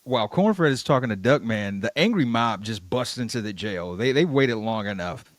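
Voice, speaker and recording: A man's voice: fairly low pitch, expressive, moderate pace, no room sound. A man co-hosting a podcast who recaps a cartoon episode in a laid-back way, with dry jokes about the plot. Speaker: podcast co-host.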